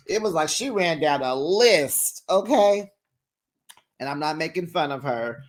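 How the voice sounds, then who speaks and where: A man's voice: fairly high pitch, expressive, takes it slowly. Sassy man dishing a reality recap. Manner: sassy, playful, often laughing; acts out quotes in exaggerated voices. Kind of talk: casual gossip recap.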